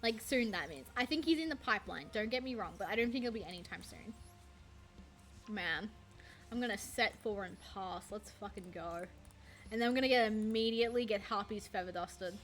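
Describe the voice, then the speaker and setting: A woman's voice: medium pitch, a little fast, a bit bright, soft background music. A young woman streaming a card game, chatting in a rambling, self-deprecating way and swearing casually. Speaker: VTuber streamer. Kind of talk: casual gaming stream chat.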